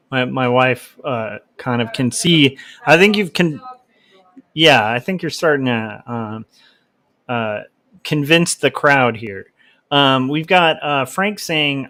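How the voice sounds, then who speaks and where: A man's voice: mid-range voice, a bit bright, dry recording. Rambling man chatting on a livestream. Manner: rambling, lots of "like" fillers. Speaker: livestream host, comic artist. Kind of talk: casual livestream chat.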